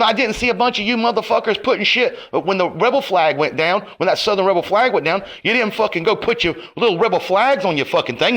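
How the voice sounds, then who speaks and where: A man's voice: high voice, quick pace, hardly any pauses, a bit bright. A man delivering a profane, confrontational rant to camera, his heat rising and falling. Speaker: online commentator.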